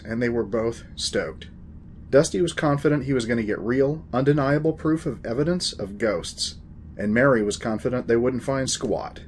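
A man's voice: mid-range voice, a little mellow, a little hiss or hum. A man in his forties hosting a story podcast, reading the narration in a dry, wry manner.

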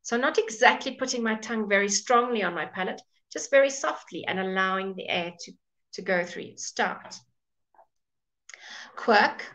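A woman teaching English pronunciation in a live online class. She says each example word slowly, repeats it, and greets viewers by name as she goes. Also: mid-range voice, fairly bright tone. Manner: models words slowly and repeats them.

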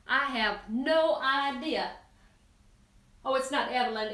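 A woman's voice: high voice, expressive, takes it slowly, a bit bright, reverberant. A woman hosting a live cooking demonstration, chatty and bubbly as she talks straight to her viewers in a kitchen. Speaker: cooking show host.

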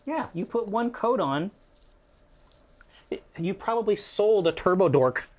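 A man's voice: high-pitched, lively intonation, unhurried. A man chatting casually while painting miniatures, wordy and dry, searching for exact terms.

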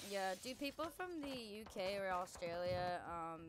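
A young woman hosts a live stream and chats casually while gaming. Her voice sits at an ordinary middle pitch. She rambles, swears freely and keeps correcting herself mid-sentence. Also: lively intonation. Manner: rambling and profane, quick self-corrections. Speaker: streamer host.

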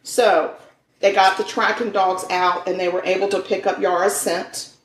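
A woman's voice: mid-range voice, little pitch movement, moderate pace, far from the mic, a little hiss or hum. A woman co-hosting a podcast, telling a true-crime case in a chatty, folksy way and stumbling over foreign names. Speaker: podcast co-host. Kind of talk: casual true-crime storytelling. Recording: echoey room.

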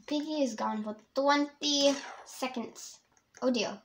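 A woman giving rambling, excitable let's-play commentary as a young YouTuber, laughing often. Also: sits high, unhurried. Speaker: gamer and YouTuber.

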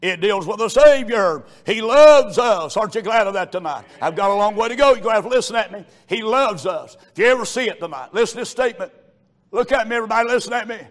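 High-voiced fervent preacher man. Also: quick pace. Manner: fervent, building to shouts. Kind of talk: revival sermon.

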